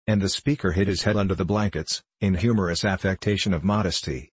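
A man narrating a novel aloud in a steady storytelling manner, slipping into rough voices for the characters. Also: low voice, brisk, hardly any pauses, dry recording.

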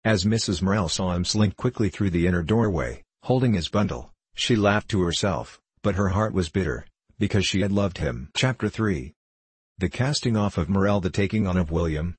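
Man reading a novel aloud, deep voice, super dry close recording. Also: normal speed, slightly rough, dry recording. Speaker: audiobook narrator. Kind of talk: scripted narration of a novel.

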